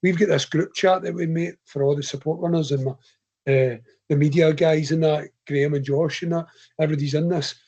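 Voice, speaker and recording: A Scottish podcast guest who runs ultras tells a rambling, chatty anecdote with plenty of laughter, casual storytelling throughout. He speaks fairly quickly in a slightly high, warm voice with a steady tone. The recording is lo-fi and a bit dull.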